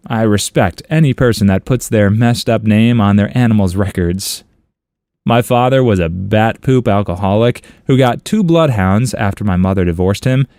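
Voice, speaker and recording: A man's voice: no room sound, clean studio sound. A man narrating online comments aloud for a story channel, in a playful, amused reading. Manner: playful, amused reading with lively pitch swings.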